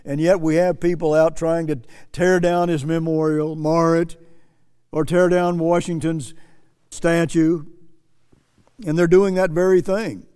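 Guy preaching, fairly high voice, says things twice for emphasis, long reverb. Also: flat delivery, unhurried, mellow, clean tone. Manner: earnest, repeats phrases for emphasis. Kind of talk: sermon commentary.

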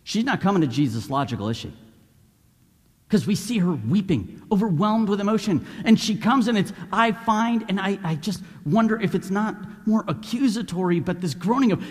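A man preaching a sermon in an animated way, acting out the voices of the people in the story. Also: high voice, normal speed, long reverb tail. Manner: animated, acts out voices of Bible figures.

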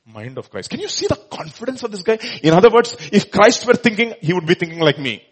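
A man's voice: high-pitched, very animated, fast talker, slightly rough. A man preaching a sermon, asking rhetorical questions and acting out quoted speech with strong emphasis. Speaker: pastor.

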